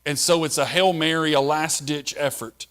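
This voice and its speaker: A man's voice: on the high side, steady tone, normal speed, fairly bright tone. Man preaching with rhetorical questions. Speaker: pastor. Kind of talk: sermon.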